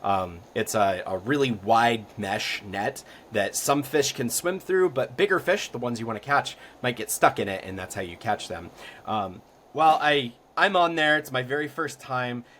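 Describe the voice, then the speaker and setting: A young man from Florida, a podcast guest telling stories in a casual, rambling way full of ums and likes that grows lively at the exciting parts. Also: medium pitch, normal speed, a little hiss or hum. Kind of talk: casual storytelling.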